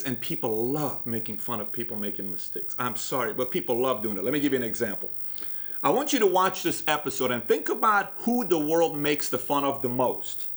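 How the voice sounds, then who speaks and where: A man's voice: medium pitch, fairly bright tone. A man from Iran with an Iranian accent, hosting a motivational talk and telling stories directly to the viewer with pointed questions. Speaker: host.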